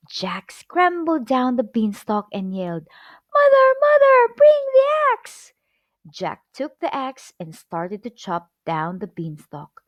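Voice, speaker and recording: Slow, expressive woman reading a children's story. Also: mid-range voice, dry recording. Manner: expressive, clear storybook delivery.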